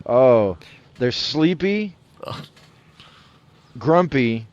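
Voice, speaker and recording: Male podcast guest with a middle-pitched voice, halting and unsure. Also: animated, a little mellow, lo-fi sound. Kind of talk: casual podcast banter.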